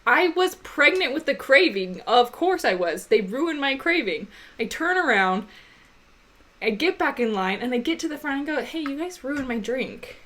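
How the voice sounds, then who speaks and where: Young woman, podcast co-host, lively storyteller, laughs a lot, slightly high voice. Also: normal speed. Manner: animated, laughing, gets high and loud when retelling upset moments. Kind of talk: casual storytelling chat.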